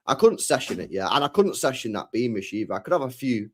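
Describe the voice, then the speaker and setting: A young man chats casually as a streamer, rambling in slang and swearing freely. He repeats phrases, and his pitch swings up and down a lot. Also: sing-song, fast. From England. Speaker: streamer chatting with viewers. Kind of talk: casual chat.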